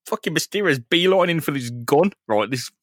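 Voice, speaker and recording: A man co-hosting a podcast, casually retelling a comic book in an animated, crude, laughing way. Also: a little high, fairly quick, no echo, clean studio sound. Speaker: podcast co-host.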